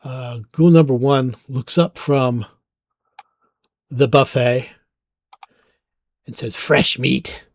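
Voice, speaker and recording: A man's voice: medium pitch, slow, pauses often, a little mellow, dry recording. A man narrating a tabletop game as game master, casual and hesitant with many fillers. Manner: casual, hesitant with frequent ums.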